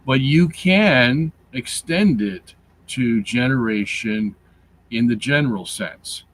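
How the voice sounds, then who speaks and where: A man hosting a show, explaining scripture and its Greek grammar in a deliberate, teacherly way, with fillers and repeated words. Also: mid-range voice, animated, a bit bright, rough recording. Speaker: show host reading his Bible commentary.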